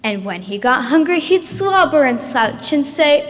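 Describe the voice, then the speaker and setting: A woman's voice: sits high, very animated, a little slow, fairly bright tone. Rhythmic young female reciter, echoing hall. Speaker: student storyteller. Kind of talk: rhyming storytelling performance.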